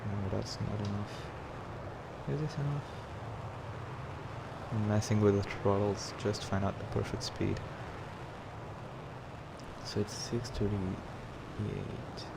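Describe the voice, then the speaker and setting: A man with a lowish voice gives live gameplay commentary while flying a flight sim, excitable and chatty with his viewers. Engine and game noise run clearly behind him on the stream. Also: slow, long pauses. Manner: excitable, talks to chat.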